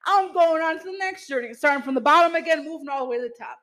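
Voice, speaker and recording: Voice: high-pitched, quick pace, sharp tone, low-quality recording. Motivational podcast host, direct and emphatic, swears casually. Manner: emphatic pep talk, frequent "you know" and mild swearing; speaks straight to listeners as "y'all".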